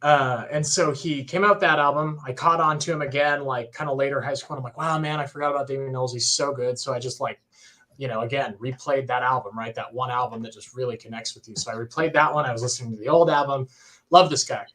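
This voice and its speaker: A young man telling a story in a casual, excited way on a podcast livestream, full of fillers and acted-out quotes. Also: mid-range voice, fast. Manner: excited, animated retelling with many fillers. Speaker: podcast co-host.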